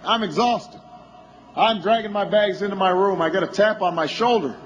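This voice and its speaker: High-voiced man telling a rally story. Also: normal speed, highs cut off. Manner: anecdotal storytelling that builds to shouting. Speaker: politician. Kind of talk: campaign rally speech.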